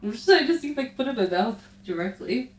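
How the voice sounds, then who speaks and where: A young woman in her twenties giving casual, excitable commentary while playing a VR game, bursting into squeals and laughter when startled. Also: fairly high pitch, fast. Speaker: VR gaming YouTuber.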